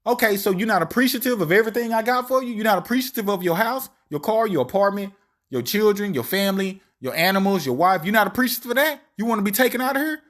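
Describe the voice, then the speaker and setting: A man preaching a street-style sermon on scripture, animated and slangy, acting out quotes in shifting voices. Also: high voice, fast.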